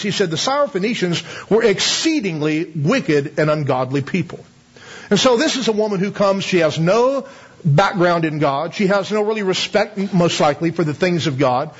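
A man with a high, slightly husky voice preaches a sermon. He talks to the congregation like a conversation, throws out rhetorical questions and chuckles as he goes. The recording sounds a little dull.

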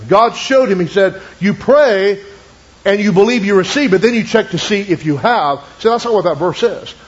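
A man preaching a sermon, retelling a testimony with many asides and quoting it in slow, lowered tones. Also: slightly rough. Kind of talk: sermon storytelling. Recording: dull lo-fi recording.

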